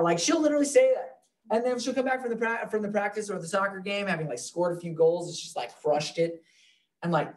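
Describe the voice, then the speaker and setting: A man's voice: high voice, a little fast, far from the mic. A man leading a live real estate training class, talking loosely and joking with the room.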